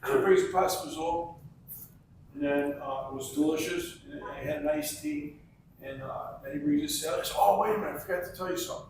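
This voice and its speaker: A man telling an animated anecdote and acting out the voices of the people in it. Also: high voice, a little fast, creaky, background noise. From Chicago. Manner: acts out the voices in his story. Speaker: restaurant customer. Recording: echoey room, far from mic.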